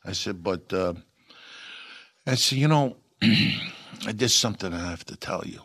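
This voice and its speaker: An older man, an actor telling lively anecdotes in an interview and acting out the lines he quotes. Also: low voice, a little slow, no room sound. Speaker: actor guest. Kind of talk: storytelling interview.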